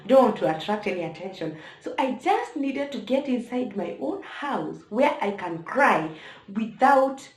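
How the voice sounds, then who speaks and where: A woman's voice: on the high side, animated, moderate pace. A young woman with a Kenyan accent telling a personal story to camera, emotional and talking straight to her viewers. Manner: emotional, addresses viewers directly. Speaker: vlogger. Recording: echoey room.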